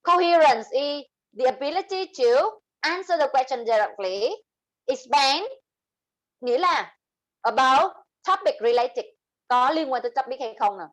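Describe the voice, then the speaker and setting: A woman with a Vietnamese accent teaching an English speaking class, explaining terms and slowly modeling example sentences. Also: high voice, expressive, fairly bright tone, low-quality recording. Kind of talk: online class lesson.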